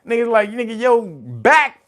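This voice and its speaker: A man hosting casual news commentary, animated and profane, breaking into laughter and loud exclamations. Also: very high voice, measured pace. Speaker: host of a commentary channel.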